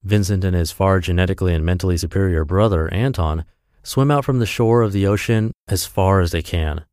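A man's voice: sits low, brisk, darkish tone, dry recording, studio quality. A man narrating a self-help blog post for his podcast in an upbeat, emphatic reading voice.

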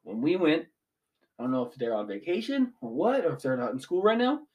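A man's voice: a little high, wildly swooping pitch, a little fast, a little mellow. Ranting young man, casual podcast. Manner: ranting, swears freely. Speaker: podcast co-host. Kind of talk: casual chat.

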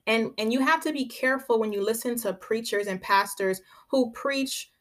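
Speaking at a moderate pace in a fairly high voice, a podcast host gives conversational Bible teaching. She speaks emphatically, repeats her key phrases to drive points home and checks in with listeners by asking "right?"

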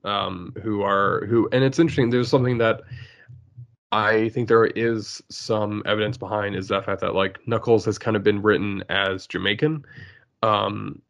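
A man co-hosting a casual podcast chat, excitable and laughing often, breaking into goofy voices. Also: on the low side, moderate pace, gravelly, dull audio. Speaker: podcast co-host.

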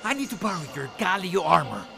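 Guy doing a flustered gravelly candidate dude, high and jumpy. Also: very animated, fast talker, over music, heavily acted. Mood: frantic. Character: naked, earnest, frantic male candidate. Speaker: long-shot election candidate.

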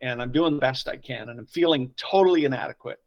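A middle-aged man speaks as a pastor guest in a conversational interview. He tells stories with real feeling, often dropping low and soft before climbing into bright, loud exclamations. His pitch sits in an ordinary middle range for a man. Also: fast talker, highs cut off. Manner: emotional, expressive storyteller who swings from quiet asides to loud exclamations.

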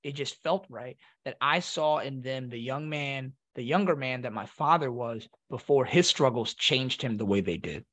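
A man, a Marine veteran guest, telling a personal story in a reflective, halting way with many restarts. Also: mid-range voice, fairly bright tone. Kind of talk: emotional storytelling.

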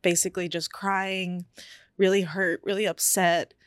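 A woman's voice: fairly low pitch, flat delivery, measured pace, smooth, dry recording, clean studio sound. A young woman on a podcast, candidly telling a personal story in casual chat, with many fillers. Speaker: podcast co-host.

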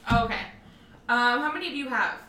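A woman's voice: on the high side, quick pace, sharp tone. A young woman co-hosting a casual home podcast, giggly and bouncy. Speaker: podcast co-host. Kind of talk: casual chat. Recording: echoey room, mic far off, faint background hiss.

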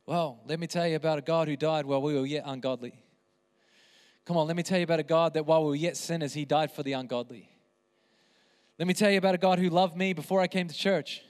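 A man's voice: fairly high pitch, fairly even intonation, fast talker, darkish tone. A man preaching an impassioned sermon as pastor, with emphatic repeated phrases. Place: church hall. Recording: reverberant hall.

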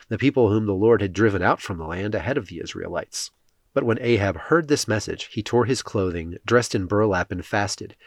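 A man reading scripture aloud as scripted narration, in a steady, measured way. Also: deep voice, dry recording, clean studio sound. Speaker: scripture reader.

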